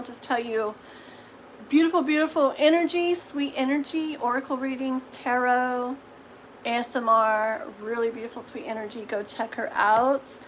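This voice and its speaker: A woman's voice: on the high side, fairly bright tone, slight background noise, rough recording. A middle-aged woman hosting a live tarot reading, chatting casually and gushing, laughing often. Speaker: tarot reader hosting a livestream. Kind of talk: casual livestream chat.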